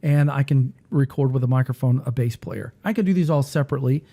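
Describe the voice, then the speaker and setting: A man hosting a casual talk who rambles and thinks aloud while he clicks through music software. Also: medium pitch, quick pace. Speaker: music teacher and podcast host.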